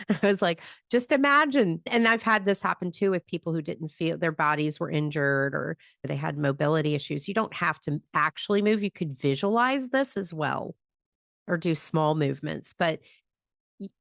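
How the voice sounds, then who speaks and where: A woman hosting a podcast, calmly explaining a mindfulness practice with personal stories. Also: deep voice, moderate pace, vocal fry, no echo, studio quality. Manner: calm, reflective, explanatory. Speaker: podcast host and grief teacher. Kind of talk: conversational podcast teaching.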